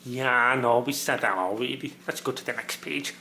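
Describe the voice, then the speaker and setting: A father talking casually in a home video, making low, dry, gently teasing remarks. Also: normal speed, few pauses, a little hiss or hum.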